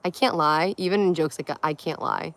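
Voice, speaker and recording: A woman's voice: sits low, expressive, a little fast. A young woman from Connecticut hosting a casual livestream, chatting playfully and answering comments one by one. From Connecticut, USA. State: tired. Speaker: livestream host.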